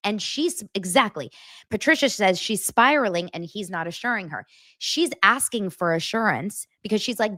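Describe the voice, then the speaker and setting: A woman's voice: mid-range voice, expressive, moderate pace, pushed and bright, no echo, studio quality. A woman hosting a casual commentary vlog, talking frankly and chattily with frequent asides. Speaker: host.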